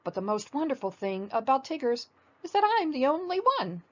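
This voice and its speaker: A woman voicing a boisterous, boastful male tiger in a storybook reading, high and sing-song. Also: big pitch swings, fairly quick, fairly bright tone, dull audio, heavily acted. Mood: gleeful. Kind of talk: storybook read-aloud.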